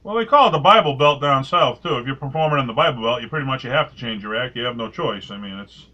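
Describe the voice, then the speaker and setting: Fast-talking bright-voiced host from Boston. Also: male voice, medium pitch, expressive, lo-fi sound. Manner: quick, eager questioning. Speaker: podcast host. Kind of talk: casual interview chat.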